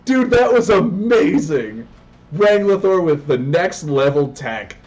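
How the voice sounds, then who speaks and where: Excitable male card game streamer, higher voice, yells and rambles; dull stream audio. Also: slow. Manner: excitable, yells in bursts, goes on tangents. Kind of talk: live gameplay commentary.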